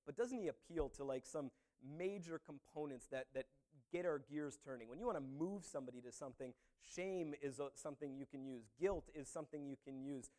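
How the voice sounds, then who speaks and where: A man's voice: fairly high pitch, fairly quick, dark tone. A man preaching a sermon as a pastor, talking in a conversational way with many "you know"s and "uh"s.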